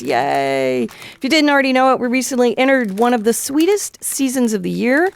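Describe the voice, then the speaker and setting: Creaky-voiced woman radio host. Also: on the high side, sing-song, normal speed. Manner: playful, chatty, upbeat. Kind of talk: casual on-air interview. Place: radio studio.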